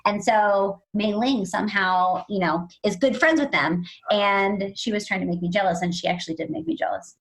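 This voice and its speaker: A woman co-hosting a podcast, chatting casually and telling lively stories with acted-out quotes. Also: normal speed, few pauses, poor audio. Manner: animated storyteller, acts out quotes in a high excited voice. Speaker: podcast co-host.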